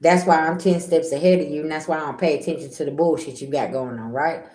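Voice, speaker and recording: A woman's voice: sits low, steady tone, quick pace, a little mellow, reverberant. A middle-aged woman giving a casual tarot reading, blunt and repetitive, talking straight to her viewers. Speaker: tarot reader.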